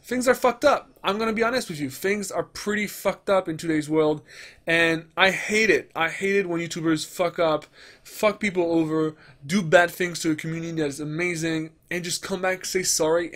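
A man rants through a commentary vlog, swearing freely and mimicking the people he criticizes. His speaking voice sits high for a man. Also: moderate pace, fairly bright tone. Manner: ranting, profane, mocks others in put-on voices. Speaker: gaming commentator.

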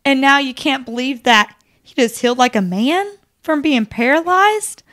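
A young woman co-hosting a faith podcast, talking in an animated, chatty way with lots of fillers. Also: high voice, normal speed. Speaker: podcast co-host. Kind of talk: casual faith discussion.

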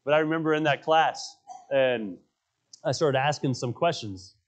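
A man's voice: mid-range voice, moderate pace. A male pastor preaching a sermon in a church, telling stories with emphasis and repeating his key phrases. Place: church sanctuary.

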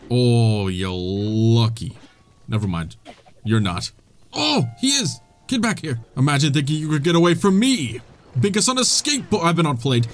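Young man, gaming commentary, jokey and playful, higher voice, pitch swinging up and down. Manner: playful, jokey, talks to the game characters. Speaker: gaming channel host. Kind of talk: let's-play commentary.

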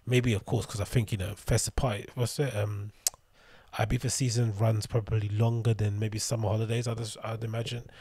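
A young man talks through the news in a loose solo ramble, swearing and tossing off dry sarcastic asides. His voice sits fairly low and has a husky edge. The sound is dry and close, with no room around it. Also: little pitch movement, a little fast, dark tone, no echo. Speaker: podcast host. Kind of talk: casual solo rambling commentary.

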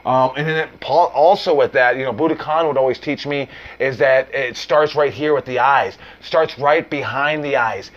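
A man's voice: medium pitch, normal speed, hardly any pauses, lo-fi sound. A man coaching on wrestling promos in a loose, casual talk, full of fillers, restarts and the odd swear word. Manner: uses mild profanity.

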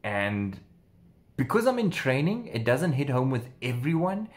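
A man of middling pitch tells a story to camera in a casual vlog, animated and chatty. He works as an empath giving personal readings and punctuates his sentences with punchy sound words. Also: unhurried.

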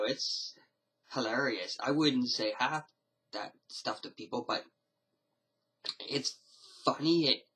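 Husky, bright-voiced rambling male vlogger. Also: mid-range voice, low-quality recording. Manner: rambling, hesitant, with frequent restarts. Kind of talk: casual to-camera vlog. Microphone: camera mic.

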